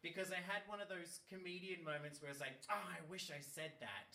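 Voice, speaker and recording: A man's voice: a little high, fairly quick. A man telling a long, funny anecdote in casual chat, swearing freely and laughing as he goes. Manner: animated, swears freely, laughs mid-story. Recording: roomy sound from a distant mic.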